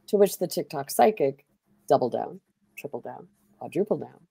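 Low-voiced, chatty woman streamer. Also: animated, normal speed, darkish tone, husky, dry recording. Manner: chatty, rambling storytelling with fillers. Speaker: streamer host. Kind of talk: casual chat while playing a game.

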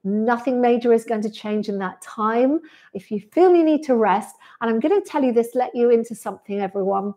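A woman, speaking in a slightly higher register. She runs a relaxed live chat after a pilates class and responds warmly to each viewer comment. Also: a little fast. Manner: friendly, reads out viewer comments and replies to each. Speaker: pilates instructor. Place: sunny room indoors.

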